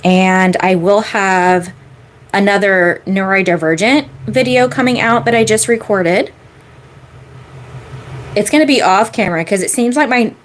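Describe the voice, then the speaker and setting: A woman's voice: medium pitch, slight background noise. A woman in her thirties, a manifestation coach chatting casually on a live-stream Q&A, rambling with lots of fillers and repeating key phrases for emphasis.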